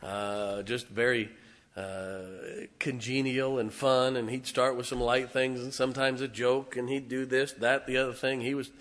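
Male preacher, animated sermon storyteller, bright and forceful. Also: medium pitch, moderate pace. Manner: emphatic storytelling with audience call-outs. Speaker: pastor.

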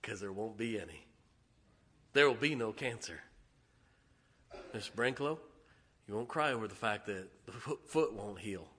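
A middle-aged male pastor preaching in a church, his voice bright and ringing. He builds to loud, punchy declarations, then drops to quiet, intimate asides with the congregation. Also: on the low side, lively intonation, unhurried, pauses often, husky. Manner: swings from shouting emphasis to hushed, tender asides. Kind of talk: sermon. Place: church sanctuary.

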